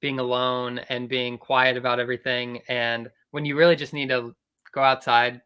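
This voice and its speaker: A man's voice: mid-range voice, normal speed, clean tone. A man in a band, a guest on a podcast, talking earnestly and steadily about habits and staying open. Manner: earnest, advice-giving, steady. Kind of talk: casual interview chat.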